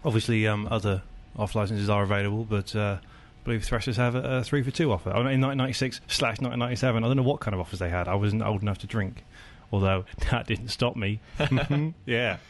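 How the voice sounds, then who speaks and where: A man's voice: fairly low pitch, fast talker, hardly any pauses. A young man rambling in playful, improvised comedy banter as a podcast co-host.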